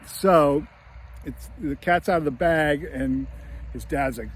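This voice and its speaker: A man talks through a film scene in a loose, rambling way, chuckling and leaning on fillers. His voice sits a bit high and is husky. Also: takes it slowly. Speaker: screenwriting commentator. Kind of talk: casual film analysis.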